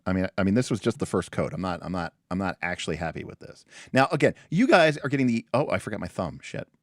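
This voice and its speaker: A man's voice: sits low, animated, fast, dry recording, studio quality. A man hosting a livestream in casual, rambling chat with a self-deprecating, jokey manner. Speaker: livestream host.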